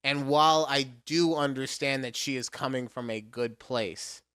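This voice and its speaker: A man in his forties co-hosting a casual podcast, telling stories with big animated rants and swearing. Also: medium pitch, moderate pace, background noise. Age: 40s. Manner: animated storytelling, rants with profanity. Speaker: podcast co-host. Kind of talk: casual chat.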